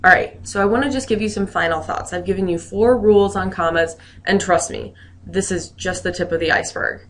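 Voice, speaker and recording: A woman's voice: on the low side, fairly quick, a bit bright. A woman teacher giving a recorded grammar lesson, explaining rules in a friendly way with joking asides.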